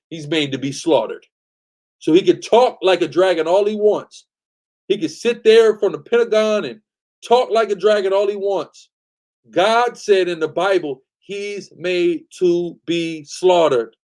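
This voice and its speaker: A man leads a live scripture study on a stream, speaking with a somewhat high pitch. He preaches emphatically and keeps checking in with his listeners with a questioning "right?". Now and then he cuts in to tell the reader to go ahead. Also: moderate pace, a little mellow. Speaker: host leading a scripture study. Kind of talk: live-stream bible teaching.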